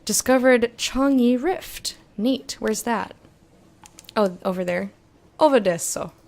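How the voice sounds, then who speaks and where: A woman's voice: fairly high pitch, slow pace, creaky, darkish tone. A woman streaming a game, chatting casually with her viewers and reading their messages aloud, giggly and easygoing. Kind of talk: casual live-stream chat while playing.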